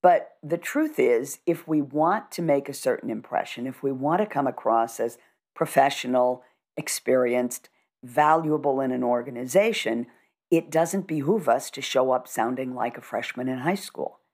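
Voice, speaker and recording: A middle-aged woman working as a communication coach, speaking in an instructive, measured and assured way during a conversational interview. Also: a bass voice, a little mellow.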